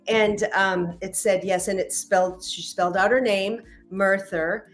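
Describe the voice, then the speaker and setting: A middle-aged woman who works as a matchmaker and intuitive reader chats as a guest on a podcast, telling stories casually in interview style and acting out the quoted dialogue. Her mid-range voice holds a steady tone at a normal speed with few pauses, and soft music plays behind her.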